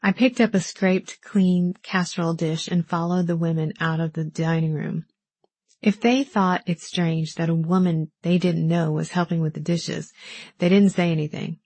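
A woman telling a first-person story as an audiobook narrator, in a measured, intimate way, close to the mic. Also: on the low side, fairly even intonation, a little mellow, husky, no echo.

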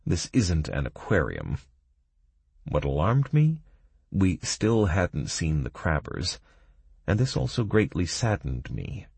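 A man narrating a fantasy story in the first person, measured and dramatic, on a close studio mic. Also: low-pitched, wildly swooping pitch, vocal fry, darkish tone, husky, dry recording. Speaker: audiobook narrator.

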